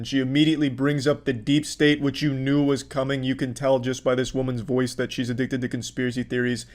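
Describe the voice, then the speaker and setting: A man giving profane, mocking commentary with deadpan sarcasm over video clips. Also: mid-range voice.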